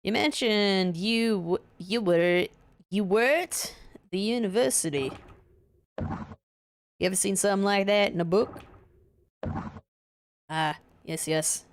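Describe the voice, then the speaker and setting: A woman voicing a gruff rustic male fisherman in a video game, talking in a folksy dialect full of "eh" and "ye". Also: medium pitch, slow, pauses often.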